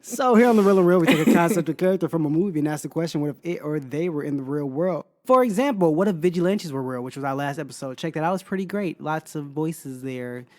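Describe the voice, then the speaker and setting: A man hosting a casual podcast chat, talking in quick, teasing asides. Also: a little high, animated, a little mellow. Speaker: podcast host.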